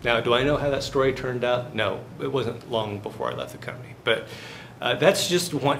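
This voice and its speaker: A man's voice: mid-range voice, big pitch swings, moderate pace, vocal fry, a bit bright, a little hiss or hum. A man lecturing a finance class in a chatty way, telling stories and throwing questions at the students. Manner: chatty, tells anecdotes, quizzes the class.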